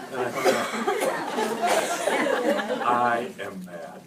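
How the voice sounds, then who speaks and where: A man in his fifties giving a lively, joking talk to an audience of educators, acting out phone calls as he tells stories. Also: mid-range voice, slow, pauses often, over a noisy crowd. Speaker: speaker at an education workshop. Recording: roomy hall, speaker far from mic, noisy.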